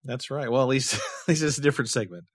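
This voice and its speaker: A man's voice: mid-range voice, quick pace, husky. A man co-hosting a podcast, playful, redoing his lines and mocking himself. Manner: playful, retries lines with self-mockery. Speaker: podcast co-host. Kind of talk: casual podcast banter.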